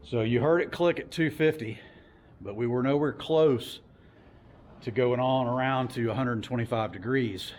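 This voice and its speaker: A man's voice: medium pitch, moderate pace, darkish tone, a little hiss or hum. Chatty man doing a garage how-to. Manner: loose and chatty, lots of fillers. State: out of breath from heavy wrenching. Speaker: car hobbyist showing an engine install. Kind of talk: casual workshop how-to.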